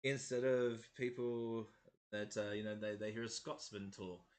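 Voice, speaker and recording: A man's voice: on the low side, steady tone, unhurried, a little mellow. A man in his thirties with a slight Maori accent, mostly in his R's, chatting casually as the host of a painting livestream, rambling and chuckling as he goes. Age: 30s. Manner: rambling, self-correcting, chuckling often. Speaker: host of a miniature painting stream.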